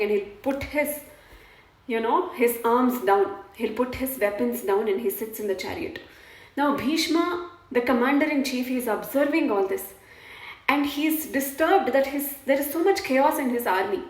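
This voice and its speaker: A woman, earnestly retelling an epic story and pausing to explain its morals. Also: fairly high pitch. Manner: earnest, explains morals, voices characters lightly. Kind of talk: retelling epic stories with commentary. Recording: echoey room.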